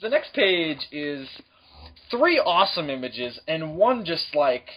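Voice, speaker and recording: Excitable husky-voiced man on a podcast. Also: fairly high pitch, takes it slowly. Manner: laughs often, swears, excitable. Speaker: podcast co-host. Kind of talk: casual comedic chat. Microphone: call-in line, hangs up. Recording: dull lo-fi audio.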